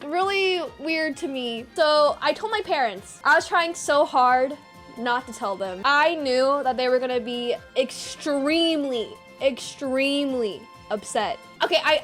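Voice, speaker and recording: Young woman streaming, high voice, tells stories to chat all animated, faint music behind. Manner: animated, swears, acts out quoted voices. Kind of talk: casual storytelling to chat.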